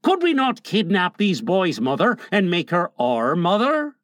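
A man voicing an eager, simple-minded pirate boatswain in a lighter, higher voice for a storybook reading. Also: wildly swooping pitch, measured pace, a bit bright, no echo, studio quality, full character voice.

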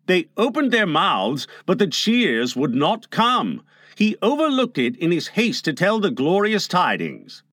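A man reading a children's novel aloud as an audiobook narrator, with expressive delivery. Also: high voice, a little slow, no room sound, clean studio sound.

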